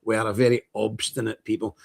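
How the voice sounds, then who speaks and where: A man's voice: fairly low pitch, level tone, fast, gravelly, slightly rough. A man, hosting a livestream, chatting in a proud, emphatic way. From Northern Ireland. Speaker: livestream host. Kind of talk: casual commentary. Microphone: streaming mic.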